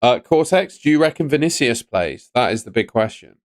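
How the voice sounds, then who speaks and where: Hosting his fantasy football stream with lively intonation, the young man speaks a little fast in a mid-range voice, reading out chat messages and answering them in casual, chatty commentary. A stand-mounted studio mic gives echo-free, studio-quality audio.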